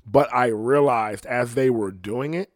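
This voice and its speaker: A man's voice: medium pitch, a little slow, no echo, studio quality. An American man talking in a rambling, profane, casual way, often laughing. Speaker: podcast host. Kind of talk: casual chat.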